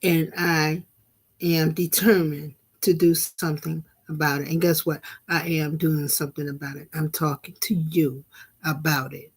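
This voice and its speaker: A middle-aged woman talks slowly to her live-stream viewers, sermonizing in a relaxed, conversational way. She circles back and repeats key phrases for emphasis and breaks into laughter at times. Her voice sits a bit low. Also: husky. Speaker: vlog host and minister. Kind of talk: casual live-stream commentary.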